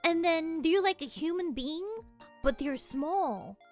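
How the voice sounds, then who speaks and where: High, bubbly young woman chatting. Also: animated, slow pace, soft background music. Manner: giggly, rambling, self-deprecating. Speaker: streamer. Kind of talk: casual chat.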